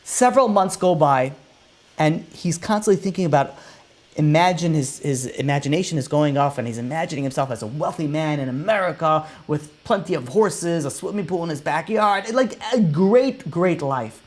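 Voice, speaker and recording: A rabbi telling a long religious story in his sermon, swelling his voice and then dropping it low. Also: normal speed.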